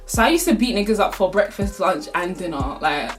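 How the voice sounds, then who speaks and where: A woman's voice: mid-range voice, lively intonation, a little fast, over music. A young woman telling a casual storytime, full of slang and swearing, with laughs through the telling. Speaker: vlogger.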